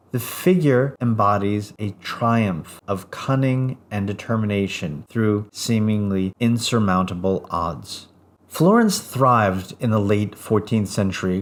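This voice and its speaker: Male narrator, lowish voice, measured scripted art history lecture, even pacing through lists. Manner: measured, even delivery with list-like pauses.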